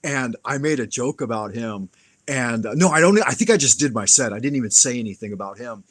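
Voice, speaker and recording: A man's voice: medium pitch, a little fast, no room sound. A man hosting a live stream, casually telling a profane fight story and acting out the lines of the people in it. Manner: profane, animated anecdote-telling with acted-out quotes.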